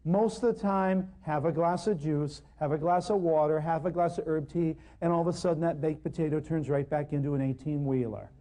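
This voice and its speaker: High-pitched, emphatic seminar man. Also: brisk, hardly any pauses. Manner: animated, joking, acts out dialogues with patients; emphatic, repeats points for effect. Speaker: natural healing lecturer. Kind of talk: live seminar talk to an audience.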